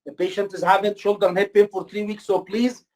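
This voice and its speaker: A native Arabic speaker teaching in English as an exam-prep tutor, slow and deliberate, often repeating points and checking understanding. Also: mid-range voice, little pitch movement, a little mellow. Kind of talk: online course lecture with role-play.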